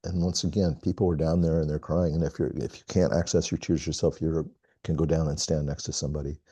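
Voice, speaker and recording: Low-voiced man telling a story haltingly. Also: flat delivery, dark tone, husky, no room sound. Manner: halting, reflective, many pauses and fillers. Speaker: call participant. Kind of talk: casual personal storytelling. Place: home, on a video call. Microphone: video call mic.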